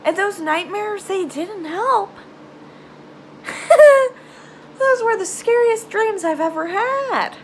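Young female vlogger, storytime confessional, slow and halting, lively high voice, light background noise. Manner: halting, emotional, trails off into sighs and nervous laughs.

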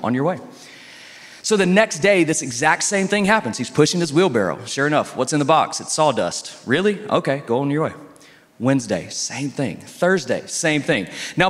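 A male pastor preaching a sermon in a relaxed, conversational storytelling style, leaning on emphatic pauses. His voice sits a little higher than most men's. It rings out with a long reverb through a church sanctuary.

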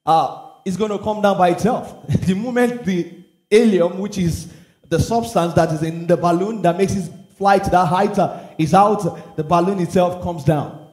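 High-voiced man preaching in an echoey room. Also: normal speed, a little mellow. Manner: earnest, emphatic preaching with rhetorical questions. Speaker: pastor. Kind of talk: sermon.

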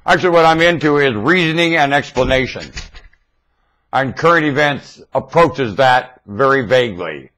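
A man talking into his webcam in a rambling monologue, theatrical and erratic, swinging from low mutters to excited shouts. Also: normal speed. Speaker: self-styled webcam broadcaster.

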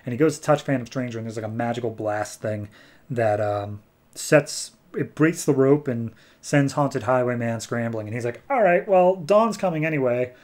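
A man's voice: mid-range voice, moderate pace, a little mellow. A man hosting a comics podcast, giving a chatty, casual review and recapping plots. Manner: chatty, recaps plots and briefly acts out characters.

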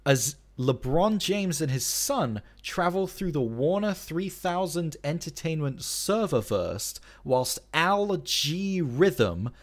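Swearing guy on stream, mock outrage, pitch swinging all over. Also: sing-song, takes it slowly, hardly any pauses. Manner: profane, ranting, mock-outraged. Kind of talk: casual stream chat.

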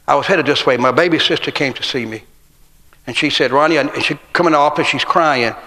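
Folksy preacher in a reverberant church. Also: male voice, a little high, brisk, pushed and bright. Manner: folksy, humorous storytelling with acted quotes. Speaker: guest preacher. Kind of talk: sermon with personal stories. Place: church sanctuary. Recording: long church hall reverb.

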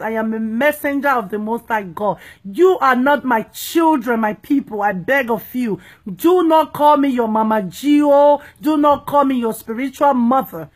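A woman evangelist preaches emphatically yet playfully, frequently checking that her listeners understand. Her voice is fairly high and unhurried, with hardly any pauses.

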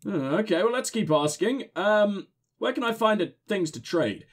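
A man hosting a let's play, giving excitable, jokey commentary and swearing freely. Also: sits high, moderate pace. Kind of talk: casual gameplay commentary.

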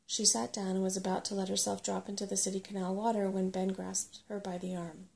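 A woman with a mid-range, level-toned voice reads a storybook softly, ASMR-style. She is gentle and never rushes, and her voice has a light gravelly grain.

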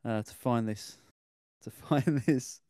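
A man's voice: medium pitch, takes it slowly, darkish tone, no echo, clean studio sound. A man, a podcast co-host who chats in a laid-back, joking way while introducing a story. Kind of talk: casual podcast chat.

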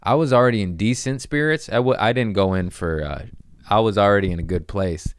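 A man hosting a podcast, telling rambling, profane, animated comic stories in casual chat. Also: fairly low pitch, fairly quick, clear, resonant tone, no echo, clean studio sound. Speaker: podcast host. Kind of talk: casual comedic storytelling.

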